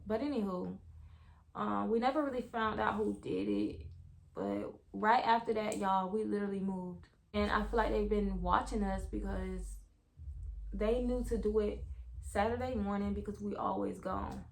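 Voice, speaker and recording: A young woman, casually telling viewers a story in a vlog, animated, full of slang and swearing. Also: mid-range voice, normal speed, creaky. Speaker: vlogger.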